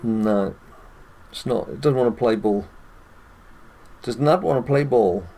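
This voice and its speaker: A man's voice: medium pitch, unhurried, mellow, slight background noise. A British man hosting casual gameplay commentary, chatty and addressing viewers directly, chuckling often. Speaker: gaming channel host.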